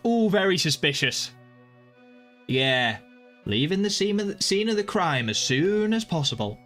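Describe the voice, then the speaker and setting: A male streamer with a slightly sore throat, reacting loudly to a game's twists. His voice is animated, leaping up and down as he jokes. Faint game music plays underneath. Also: sits high, measured pace. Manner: excitable, jokey, reacting out loud. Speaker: gaming streamer. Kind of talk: live game commentary.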